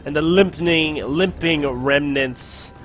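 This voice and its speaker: A man giving casual let's play commentary on a strategy game, shouting orders and taunting enemies now and then. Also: fairly high pitch, slow pace, slight background noise. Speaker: gameplay commentator.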